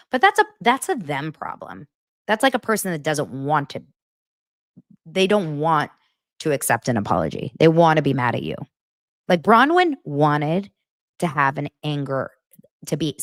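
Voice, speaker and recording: A woman's voice: sits low, dry recording, studio quality. A woman hosting a podcast, recapping reality TV in a sarcastic, exasperated way. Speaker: podcast host.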